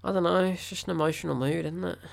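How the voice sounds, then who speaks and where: A man's voice: high-pitched, fairly even intonation, fast talker, vocal fry. A man, gushing and rambling in a casual film review. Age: 20s.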